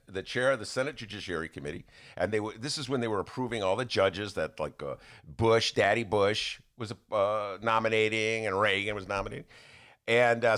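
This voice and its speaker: A man hosting a casual studio podcast, joking and slipping into impressions as he talks. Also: fairly low pitch. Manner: animated, jokey, slips into impressions. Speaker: podcast host. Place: radio studio.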